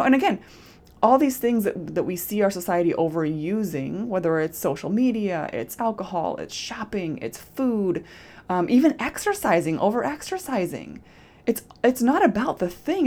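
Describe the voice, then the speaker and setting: A woman's voice: medium pitch, darkish tone. A woman podcast host and nutrition coach talking casually and expressively, acting out quoted self-talk. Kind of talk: solo podcast monologue.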